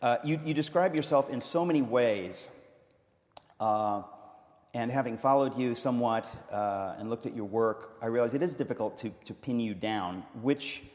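A man's voice: medium pitch, normal speed, darkish tone. A man hosting a live on-stage interview, wry and joking at his own expense. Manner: wry, joking, self-deprecating. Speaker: host. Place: large hall with a live audience. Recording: reverberant hall, audience faintly heard.

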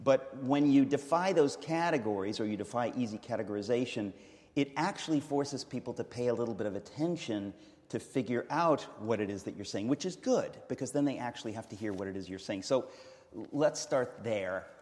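A man's voice: medium pitch, lively intonation, fairly quick, a little mellow. A man hosting a live on-stage interview, wry and joking at his own expense. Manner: wry, joking, self-deprecating. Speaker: host. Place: large hall with a live audience. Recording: reverberant hall, audience faintly heard.

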